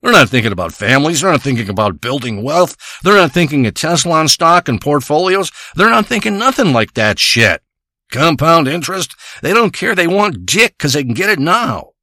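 A man's voice: fairly high pitch, very animated, normal speed, pushed and bright, dry recording, clean studio sound. A man delivering a crude, rambling comic monologue, ranting and swearing as he tells a story.

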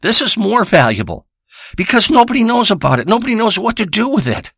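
A man's voice: high-pitched, big pitch swings, a little fast, gravelly, a bit bright, slightly rough, dry recording, studio quality, full character voice. A man playing a crude rambling backwoods braggart. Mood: boastful. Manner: profane, rambling and boastful. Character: crude rambling male backwoods treasure hunter. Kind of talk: improvised comic character monologue.

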